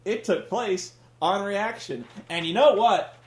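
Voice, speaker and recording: A man's voice: sits high, a little slow, echoey room. A man hosting a casual comedic rant, sarcastic and profane, sounding exasperated. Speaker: podcast host reviewing wrestling.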